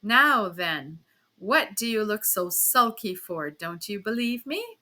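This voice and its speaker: A woman voicing a blustering, hearty young gentleman who speaks loudly and teasingly to his wife. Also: mid-range voice, very animated, slow pace, exaggerated voice. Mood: boisterous. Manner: loud, teasing, boastful.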